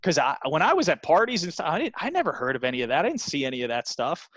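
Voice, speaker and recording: A man's voice: fairly high pitch, very animated, racing, fairly bright tone, no echo. A man in his thirties from New Jersey, a guest telling his story earnestly in a casual interview, with lots of fillers and restarts.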